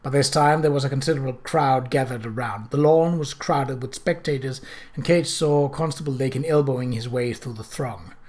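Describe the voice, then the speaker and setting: A man reading a novel aloud in a steady, expressive narration. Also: medium pitch, normal speed. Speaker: audiobook reader.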